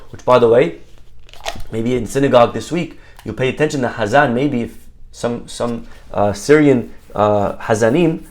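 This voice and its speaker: Male rabbi, Torah class teacher, engaging and repetitive, quizzes the group. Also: medium pitch. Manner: quizzes listeners and repeats key words, sprinkled with Hebrew terms. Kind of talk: lively Torah lesson to a live group.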